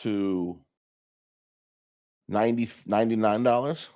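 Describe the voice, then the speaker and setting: A young man co-hosting a casual morning talk show, telling stories with profane, animated banter. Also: slow, no echo, studio quality. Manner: animated storytelling, jumps high when quoting himself. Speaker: co-host.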